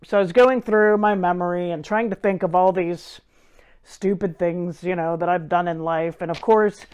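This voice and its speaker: A woman's voice: on the low side, steady tone, normal speed, a little mellow, clean tone. A woman in her forties hosting a show, telling a personal story with wry, self-deprecating humor. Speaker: host. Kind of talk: casual storytelling monologue.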